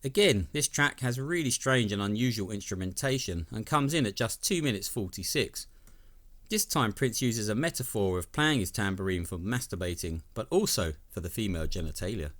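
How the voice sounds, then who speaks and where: Man narrating with wry enthusiasm, lowish voice. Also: expressive, moderate pace. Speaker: video essay host. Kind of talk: scripted narration.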